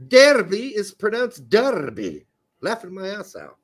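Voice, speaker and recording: Man, high voice, lively pitch, profane joking, casual soccer podcast chat. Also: normal speed. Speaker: podcast co-host.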